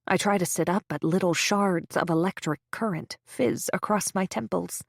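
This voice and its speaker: A woman narrating a first-person story in a measured, tense way. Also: on the low side, creaky, dry recording, studio quality.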